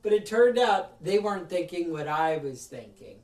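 High-voiced man ranting in an echoey room. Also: expressive, moderate pace, a little mellow, far from the mic. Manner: ranting storyteller, acts out other people's lines. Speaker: podcast host. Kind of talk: casual podcast chat.

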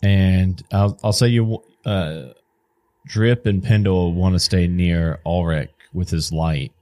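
A man's voice: low-pitched, steady tone, slow pace, warm tone. A young man narrating a tabletop game as game master, in a loose, rambling, casual way.

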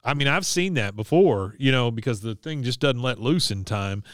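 A man's voice: medium pitch, lively intonation, normal speed, dry recording, studio quality. A man co-hosting a podcast, casually retelling scenes with hesitant fillers and little chuckles. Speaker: podcast co-host. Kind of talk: casual episode recap chat.

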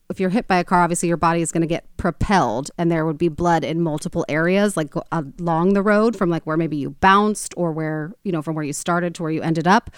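A woman co-hosting a podcast and telling a true-crime story in a chatty, animated way with frequent restarts. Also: fairly low pitch, clean tone, no echo, clean studio sound. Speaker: podcast co-host.

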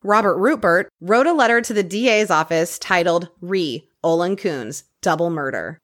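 A woman co-hosting a true crime podcast, telling the case in a lively, storytelling way and reading details aloud. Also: lowish voice, normal speed. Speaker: podcast co-host.

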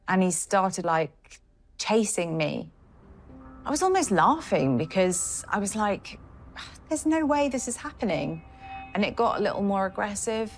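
Low-voiced woman giving halting testimony. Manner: halting, heavy on "like" and "you know". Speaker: interviewee. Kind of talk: documentary interview testimony.

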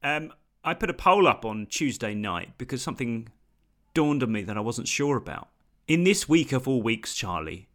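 A man hosting a casual podcast chat, animated and theatrical, sometimes bursting into loud exclamations. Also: medium pitch, moderate pace. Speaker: podcast host.

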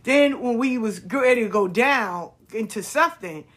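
A woman hosts her own podcast in a loose, storytelling monologue. Her voice sits a little high and has a husky edge. She drops to near-whispers and then jumps up loud, stretching words out for emphasis. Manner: expressive, swings from hushed to loud, drawn-out emphasis. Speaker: podcast host.

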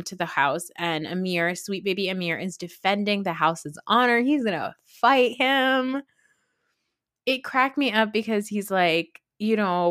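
A young woman talks through reality TV on her podcast, casual and gossipy, peppering everything with "like" and the odd swear. Her voice sits at an ordinary pitch. The sound is dry and close, with no room around it. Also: fairly bright tone, dry recording. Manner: chatty, lots of "like", swears, laughs easily. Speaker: podcast host.

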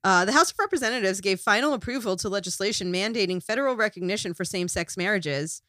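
Woman, lively pitch, bright voice, dry close sound, sarcastic joke reading. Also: quick pace, no room sound. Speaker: comedy writer pitching jokes. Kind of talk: casual writers' room chat.

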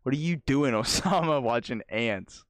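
A man's voice: medium pitch, expressive, normal speed, dry recording. A young man co-hosting a podcast in loose, joking casual chat, swearing often. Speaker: podcast co-host.

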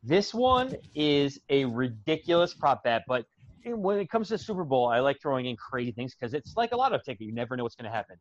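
A man co-hosting a sports podcast, telling a betting story in an animated, suspense-building way. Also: medium pitch, fairly quick, no echo, dull audio. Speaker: podcast co-host. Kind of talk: casual sports chat.

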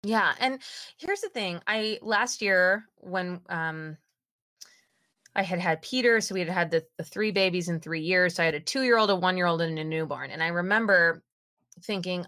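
A woman in her thirties telling a story as a podcast guest, lively and animated, with her voice leaping up as she acts out what was said. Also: measured pace, no echo, clean studio sound. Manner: animated, acts out quotes with big pitch jumps. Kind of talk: casual interview storytelling.

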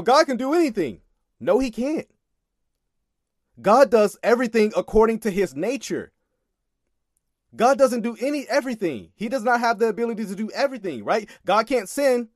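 A man's voice: sits high, animated, normal speed, no echo, clean studio sound. A man casually commenting on a sermon clip, exasperated and emphatic, often laughing in disbelief.

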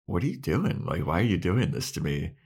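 A man's voice: low-pitched, sing-song, brisk, darkish tone, husky, full character voice. A man putting on a whiny, impatient teenage girl. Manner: whiny, exasperated.

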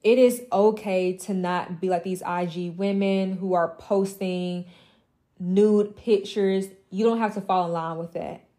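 A woman's voice: mid-range voice, fairly even intonation, a little slow, warm tone. A young woman mentoring other women in an impassioned motivational monologue, emphatic and blunt, with profane, mocking asides.

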